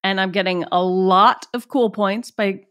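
Animated middle-aged woman telling a story. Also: medium pitch, measured pace, smooth. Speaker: actress guest. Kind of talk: casual interview storytelling.

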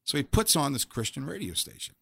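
A man's voice: a little high, sing-song, a little fast, creaky, husky. A middle-aged man telling his personal faith testimony in an interview, earnest and emphatic, often repeating the first word of a phrase. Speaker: guest sharing a faith testimony.

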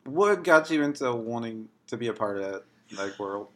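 Lively, easygoing male podcast host. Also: medium pitch. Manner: easygoing, chatty, quick to laugh. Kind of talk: casual podcast interview.

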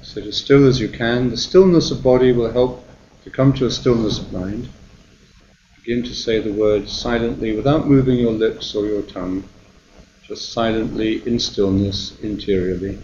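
Low-pitched monk guy talking people through meditation, slow gentle pauses, muffled lo-fi tape w faint hiss. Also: fairly even intonation. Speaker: meditation teacher, Benedictine monk. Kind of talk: guided meditation talk.

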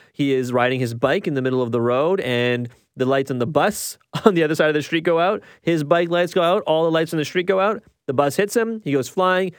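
A man's voice: on the high side, no echo, studio quality. A man giving a casual, rambling movie review, often restarting his sentences. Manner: rambling, restarts a lot, chatty. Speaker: film reviewer.

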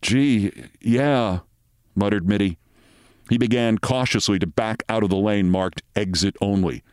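A man hosting a show, reading a short story aloud in measured, dramatic narration. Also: on the low side, clean tone, no room sound, studio quality.

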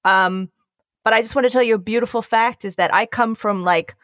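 Excitable, rambling woman host. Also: on the high side, fairly quick, no echo, clean studio sound. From Northeast Philadelphia. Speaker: podcast host. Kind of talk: casual podcast chat.

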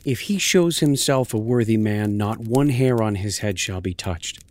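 An actor playing a young, newly crowned king who speaks in a quiet, measured way in an audio drama. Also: lowish voice, natural voice.

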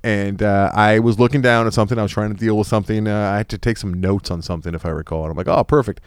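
A man's voice: on the low side, steady tone, very fast, clear, resonant tone, no room sound, clean studio sound. A man co-hosting a podcast, telling a rambling story in casual chat full of fillers and restarts. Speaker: podcast co-host.

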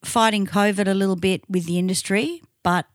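A woman's voice: mid-range voice, fairly even intonation, a little fast, no room sound, studio quality. A woman with an Australian accent co-hosting a podcast in casual chat, blunt and profane, cutting people off abruptly. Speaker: podcast co-host and tribute band singer.

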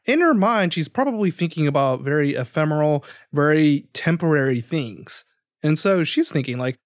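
A man's voice: fairly high pitch, animated, moderate pace, dry recording, studio quality. A man co-hosting a podcast, musing thoughtfully and earnestly, with lots of "like" in his speech. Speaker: podcast co-host. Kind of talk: casual reflective chat.

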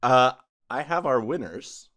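A man's voice: mid-range voice, animated, a little slow, fairly bright tone. A man hosting a casual group podcast, rambling and correcting himself with frequent laughs. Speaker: podcast host and game master.

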